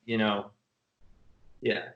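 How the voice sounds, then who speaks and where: A man's voice: fairly low pitch, little pitch movement, extremely slow, lo-fi sound. A man telling stories in a casual interview, rambling and laughing often. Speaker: film director guest. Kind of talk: casual video-call interview.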